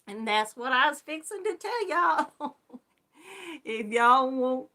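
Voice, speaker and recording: Country georgia lady chatting on her livestream, slow drawl, friendly, laughs a lot, calls out viewers by name. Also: high-pitched, expressive, bright, forceful tone. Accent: country Southern US, Georgia. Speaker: host of a live crochet chat stream. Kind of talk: casual livestream chat with viewers.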